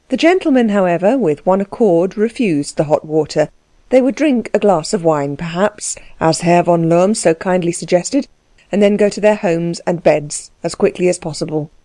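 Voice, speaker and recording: A woman narrating a novel as an audiobook reader, in a measured, even reading style. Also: lowish voice, no room sound. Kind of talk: scripted narration.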